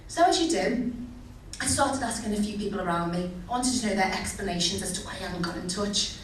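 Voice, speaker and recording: A woman's voice: medium pitch, fast, slight background noise. A young woman doing a cheeky, chatty stand-up set, asking the crowd questions. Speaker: stand-up comedian. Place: comedy venue. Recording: echoey venue, distant mic.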